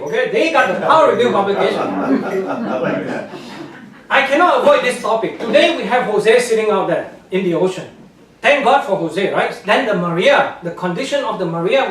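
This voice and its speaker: High-voiced man lecturing in an echoey hall. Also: far from the mic. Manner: animated, scornful, laughs at his own points; non-native English grammar. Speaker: guest speaker, scientist. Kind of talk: public lecture with slides. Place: lecture room with audience.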